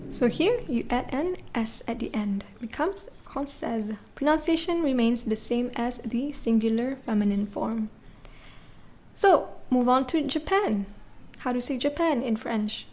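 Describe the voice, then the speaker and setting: Patient woman teaching French, slightly high voice. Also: darkish tone. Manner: patient, spells words letter by letter, checks with "okay?" and "right?". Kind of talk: classroom lesson explaining grammar.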